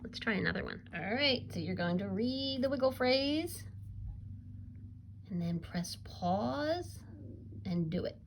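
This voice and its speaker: A woman's voice: mid-range voice, animated, unhurried, gravelly, long pauses, a little hiss or hum. A woman teaching a recorded reading lesson to young children, upbeat and encouraging with a sing-song teacher voice. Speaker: kindergarten teacher.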